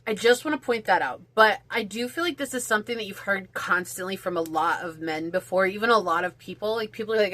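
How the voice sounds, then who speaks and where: A woman's voice: mid-range voice, fast talker, hardly any pauses, fairly bright tone, no room sound. A woman giving a casual pick-a-card tarot reading, chatty and rambling, with lots of "like" in her talk. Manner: chatty, rambling, heavy use of "like". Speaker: tarot reader.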